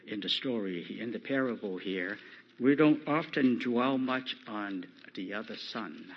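Husky male preacher, unhurried emphatic delivery, dull lo-fi recording. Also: mid-range voice. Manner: slow, emphatic, rising loud on quoted scripture. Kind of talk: sermon.

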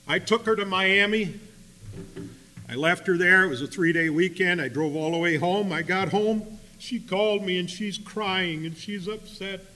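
Male preacher, bright and slightly high voice, long hall reverb, loud bursts and hushed asides. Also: moderate pace. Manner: swings between loud emphatic bursts and quiet asides. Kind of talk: sermon storytelling.

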